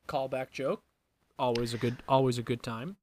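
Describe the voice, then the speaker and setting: A man's voice: mid-range voice, a little slow, darkish tone. A young man co-hosting a casual podcast, joking loosely and swearing freely. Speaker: podcast co-host. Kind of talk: casual chat.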